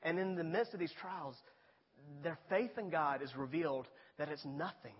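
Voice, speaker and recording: A man's voice: on the high side, moderate pace, husky. A man preaching a sermon as a pastor, talking in a conversational way and rising to emphatic appeals. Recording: dull sound with long reverb in a large hall.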